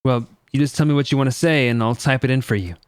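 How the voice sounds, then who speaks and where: Man voicing a gentle polite AI program. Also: medium pitch, fast, clean tone, close to an everyday voice. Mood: earnest. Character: polite young male AI program, helpful.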